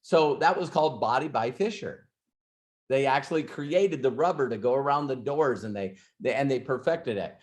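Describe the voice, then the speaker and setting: A man hosts an ask-me-anything session in a relaxed, storytelling manner. He rambles, restarts his sentences and throws in asides as he goes. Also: mid-range voice. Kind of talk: casual storytelling and advice.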